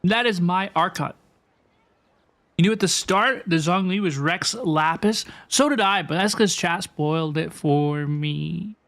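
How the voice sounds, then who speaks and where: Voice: mid-range voice, unhurried, fairly bright tone. Rambling, chatty game streamer. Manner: rambling, filler-heavy, asks chat "right?". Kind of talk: casual live-stream commentary.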